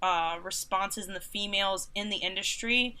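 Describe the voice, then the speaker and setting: Here the thirty-something concert photographer sounds clear and resonant, medium-pitched and at a normal speed. As an interview guest she spins animated, sarcastic, casual stories, impersonating others and dropping "like" often.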